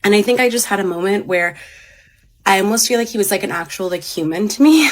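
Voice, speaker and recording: A woman in her thirties, a mother, talking in a rambling, halting, emotional way about her separation in a personal vlog. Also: medium pitch, lively intonation.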